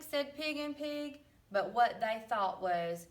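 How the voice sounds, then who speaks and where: Woman reading a picture book aloud, slow and distant. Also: a little high. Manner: animated character voices for the animals. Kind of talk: read-aloud storybook with questions.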